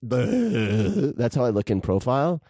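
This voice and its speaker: A man's voice: mid-range voice, big pitch swings, slow pace, warm tone, dry recording, studio quality. A man co-hosting a podcast in casual chat, hesitant and self-deprecating, often restarting his sentences. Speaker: podcast co-host.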